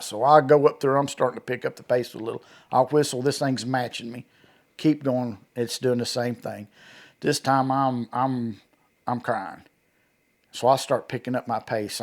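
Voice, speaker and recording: A man with a drawl tells a frightening story from his own life at a middling pitch. He retells it vividly, stumbling over restarts and acting out the quotes. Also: a little mellow. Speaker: eyewitness guest. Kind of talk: telling a personal encounter story.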